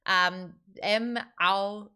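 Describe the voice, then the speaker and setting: A woman hosting a book club livestream, chatty and animated as she jumps between topics. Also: medium pitch, very slow, clean tone. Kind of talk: casual livestream chat.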